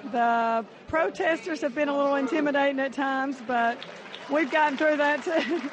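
A woman's voice: high-pitched, normal speed. A woman visiting a political convention, chatting cheerfully about her family's trip. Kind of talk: vox pop.

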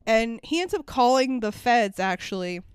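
A podcast co-host, a young adult woman, has a fairly high-pitched, smooth voice at a moderate pace, captured in clean studio sound with no room sound. Her casual movie review chat is animated and sarcastic; she swears freely and acts out quotes.

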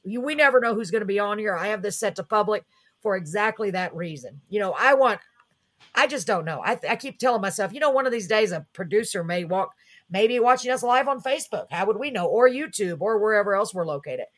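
Lady hosting a livestream, gushy and chatty, lots of ums, middle pitch. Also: lively intonation, brisk, fairly bright tone. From Texas. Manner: effusive, chatty, many fillers. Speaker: host. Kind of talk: casual live-stream chat.

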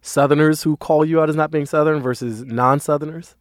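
A man hosting a podcast, joking in casual chat and reading listener email in a measured way. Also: on the high side, fairly even intonation, no echo, clean studio sound. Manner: joking, quick asides, measured when reading. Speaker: podcast host.

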